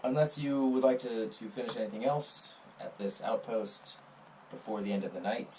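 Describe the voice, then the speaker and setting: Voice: medium pitch, moderate pace. Laid-back game master, distant mic. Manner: relaxed, giggly narration. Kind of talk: narrating a tabletop game. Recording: distant mic, faint hiss.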